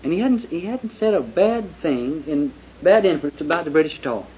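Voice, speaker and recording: A man preaching a sermon in a folksy way, dropping to hushed confession and then rising to fervent shouting. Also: a little high, expressive, normal speed. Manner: folksy, with lots of "you know". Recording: dull lo-fi recording with faint hiss.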